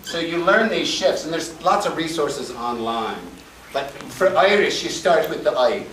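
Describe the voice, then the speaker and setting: His voice a little high and his delivery unhurried, a Chicago man leads an animated voice-acting panel with sound demos, jokes and audience Q&A. The clip comes from a fan camera far back in a large convention room, echoey and carrying a little hiss or hum.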